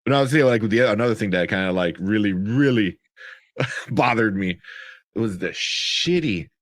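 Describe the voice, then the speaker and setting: A man co-hosting a casual movie review show, animated and profane, laughing often. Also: lowish voice, moderate pace, no echo. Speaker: podcast co-host.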